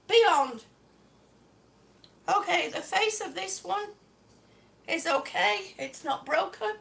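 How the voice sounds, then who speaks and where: A woman with a very high voice, on a live stream at home, looks over damaged tiles at an unhurried pace. Her tone is exasperated and sarcastic, and she swears now and then. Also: lively intonation, creaky, pushed and bright, slight background noise. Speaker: vlogger. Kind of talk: live-stream product complaint. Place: home, indoors.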